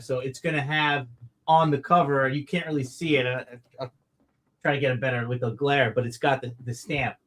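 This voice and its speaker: A man co-hosting a casual live stream, enthusiastic and halting, full of fillers and restarts. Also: mid-range voice, fairly bright tone.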